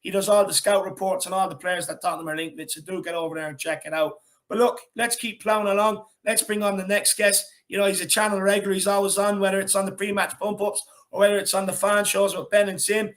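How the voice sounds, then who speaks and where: A man hosts a lively fan call-in, talking in a high, bright voice. He rambles along, cracks jokes and keeps the energy hyped. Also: fast talker, few pauses. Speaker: host of a fan call-in show. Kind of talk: casual chat.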